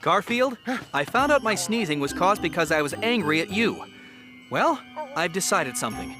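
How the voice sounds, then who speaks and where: A man's voice: sits high, big pitch swings, normal speed, over music. An actor playing a meek, good-natured young man in a cartoon, who gets flustered and stammers. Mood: gentle. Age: young adult. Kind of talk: cartoon voice acting.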